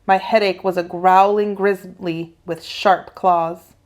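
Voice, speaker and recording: A woman teacher reading a children's novel aloud in a steady, expressive storytelling voice. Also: fairly low pitch, slow pace, dull audio. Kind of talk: children's read-aloud narration.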